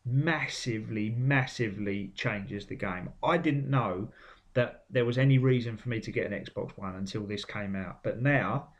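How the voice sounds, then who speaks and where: A man's voice: on the low side, normal speed, dull audio. A man giving blunt, sweary, opinionated commentary on video game trailers. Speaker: game vlogger. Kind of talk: casual commentary.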